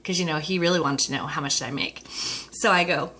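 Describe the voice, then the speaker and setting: A woman's voice: sits low, fast, bright, forceful tone. A woman consultant telling her personal story, acting out the voices of the people in it. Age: adult with a husband, dating herself. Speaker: Mary Kay consultant. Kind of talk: personal story told to an audience.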